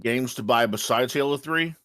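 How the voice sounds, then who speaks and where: A man's voice: medium pitch, moderate pace, fairly bright tone, dry recording. A man co-hosting a casual reaction stream, laid-back and chatty. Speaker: stream co-host.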